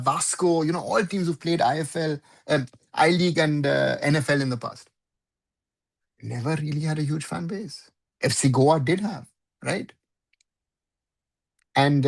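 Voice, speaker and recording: Gravelly, opinionated man hosting live. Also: on the high side. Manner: opinionated, conversational, keeps asking "right?". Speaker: host of a live football talk show. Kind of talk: live discussion and commentary.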